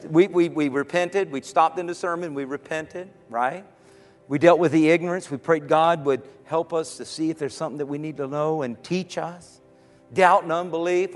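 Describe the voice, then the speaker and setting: A man preaching a sermon, swinging from soft, low passages to loud shouted cries. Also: big-room sound. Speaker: pastor.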